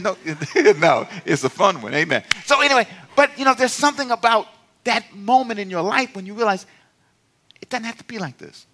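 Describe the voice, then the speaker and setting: A man's voice: high-pitched, lively intonation, a little fast, bright, forceful tone. A middle-aged man, a pastor, preaching a sermon in a playful, conversational way and calling on the congregation to respond.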